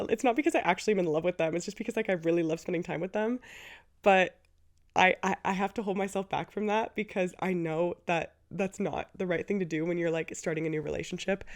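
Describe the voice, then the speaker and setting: A woman in her twenties hosting a casual solo podcast, gushing and chatty, full of "like"s. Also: darkish tone. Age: 20s. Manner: chatty and gushing, with lots of filler "like"s; breaks into a squeaky high put-on voice for quotes. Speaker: podcast host.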